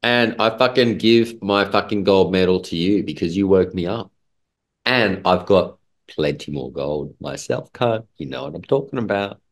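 A man's voice: low voice, expressive, normal speed. A man, a guest in a casual talk, rambling in an emphatic and heavily profane way. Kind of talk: casual conversation.

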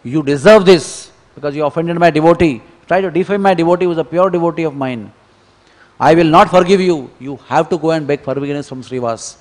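A man's voice: medium pitch, quick pace, few pauses, a little mellow, close to an everyday voice. Man voicing a rebuking divine lord. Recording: long temple hall reverb.

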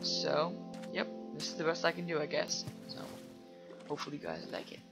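A man giving casual let's play commentary while he plays, rambling chattily with lots of fillers and breaking into loud excited reactions to the game. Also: on the high side, a little fast, gravelly, over music. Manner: rambling and chatty, full of "like" and "you know".

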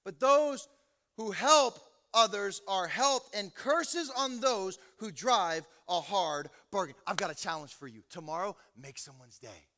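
A man preaching an energetic, joking sermon as pastor, swinging from loud preaching to low asides. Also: unhurried. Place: large church hall. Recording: reverberant hall with music.

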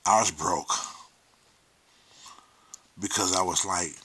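A man's voice: fairly low pitch, expressive, measured pace, long pauses, pushed and bright, slight background noise. A man hosting his own livestream, talking candidly and emotionally, swearing freely and sometimes dropping to a near-whisper. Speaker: host. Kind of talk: casual livestream monologue.

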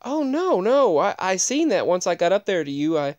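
A man quoting a brusque but kindly woman teacher in a casual personal story, brisk and friendly in tone. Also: high voice, very animated, darkish tone, highs cut off, voice pushed up.

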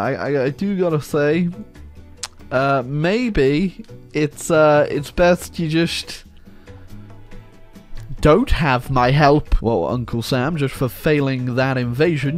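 A man commentating a strategy game, joking sarcastically to his viewers, with many fillers and self-corrections. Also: fairly high pitch. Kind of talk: video game let's-play commentary.

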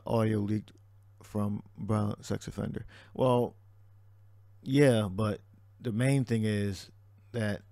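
A man's voice: lowish voice, creaky, mellow, no echo. A man teaching scripture and commenting on a news clip, talking in a loose, repetitive way with many restarts. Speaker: religious teacher. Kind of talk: preaching commentary on a video.

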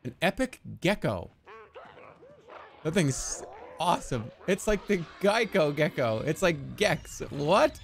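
A man streaming a strategy game, excitable and swearing, yelling commands at his units. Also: fairly high pitch, measured pace, vocal fry, a little hiss or hum. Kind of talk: live gameplay commentary.

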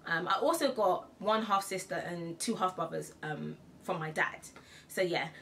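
A woman's voice: fairly low pitch, moderate pace, gravelly, a bit bright, a little hiss or hum. A young woman vlogging in a casual, chatty way, laughing often and repeating herself for emphasis. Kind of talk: casual to-camera chat.

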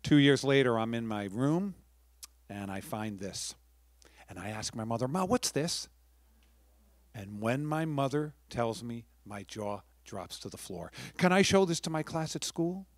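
Middle-aged new york guy telling a story to a crowd, chatty, warm asides, dry close sound. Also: medium pitch, lively intonation, moderate pace, dry recording. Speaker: storyteller giving a public talk. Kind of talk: storytelling talk to a live audience.

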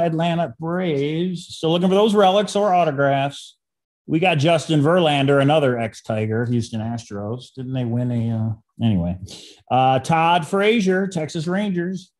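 A man hosting a casual card-opening video, reading names aloud and dropping into quiet asides. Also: a little high. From Detroit area. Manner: reads names flatly, drops into quiet asides. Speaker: channel host.

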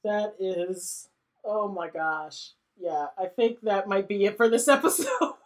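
A woman chats her way through a life-sim game in casual let's-play commentary. She laughs often and slips into quick voices for the characters. Her pitch sits in an ordinary middle range. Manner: giggly, animated, voices characters in quick asides. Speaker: gaming YouTuber.

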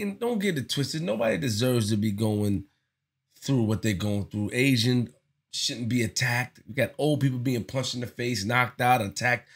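A man vlogging casual commentary straight to the camera. His voice sits at an ordinary middle pitch, and his delivery is earnest and full of street slang. He often repeats phrases as he works through what he wants to say. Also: normal speed, breathy edge.

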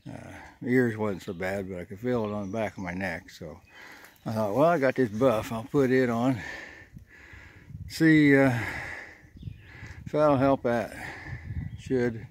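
A man's voice: medium pitch, measured pace, a little hiss or hum. Folksy man vlogging on a hiking trail. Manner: rambling, folksy, thinking aloud. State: out of breath on the climb. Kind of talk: casual vlog narration while hiking. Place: outdoors on a wooded ridge trail.

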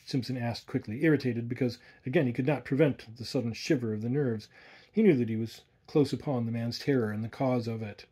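A man reading a horror story aloud in measured, atmospheric narration. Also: medium pitch, dark tone, slightly rough. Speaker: audiobook narrator. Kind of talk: scripted narration.

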